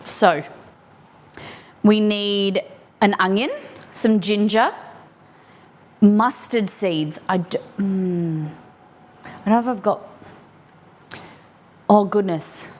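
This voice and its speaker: An Australian woman streaming live as she cooks at home, chatting to herself and her ingredients and breaking into excited squeals. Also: medium pitch, a little hiss or hum. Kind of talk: casual live-stream cooking chat. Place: home kitchen.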